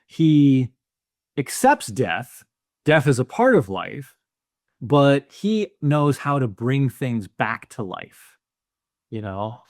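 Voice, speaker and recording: A man's voice: medium pitch, sing-song, slow, no room sound, studio quality. Man musing in casual podcast chat. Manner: thoughtful, musing, many "you know" fillers. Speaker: podcast co-host. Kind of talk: casual film discussion.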